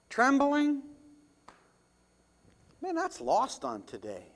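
A male pastor with a high voice delivers a sermon at a slow, deliberate pace. He reads scripture aloud and presses rhetorical questions, swelling to loud emphasis and then dropping low and quiet. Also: wildly swooping pitch.

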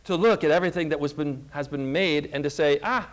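A man's voice: fairly high pitch, quick pace. A man preaching a sermon, emphatic, putting questions to his listeners and reading scripture aloud.

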